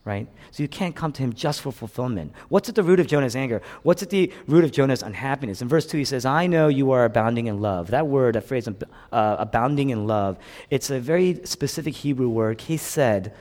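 A male pastor preaching a sermon with a dynamic delivery that swings from loud exclamations to hushed lows. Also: lively intonation, a little fast. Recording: long hall reverb.

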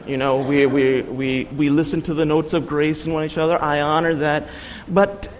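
A man's voice: fairly high pitch, flat delivery, moderate pace, long reverb tail, slight background noise, rough recording. A man giving an earnest sermon as a guest preacher, telling personal stories with light humor.

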